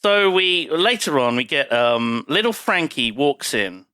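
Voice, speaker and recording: A man's voice: on the high side, animated, unhurried, bright, forceful tone, smooth, dry recording. A man co-hosting a podcast, recapping a film in a wry, casual way with some swearing. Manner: wry, swearing, puts on character voices. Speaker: podcast co-host.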